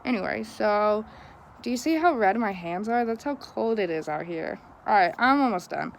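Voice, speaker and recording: A woman's voice: medium pitch, lively intonation, moderate pace, gravelly, slight background noise. A young woman telling a story in a casual vlog, chatty and frustrated, laughing often, filming on a phone outdoors in the cold. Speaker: vlogger.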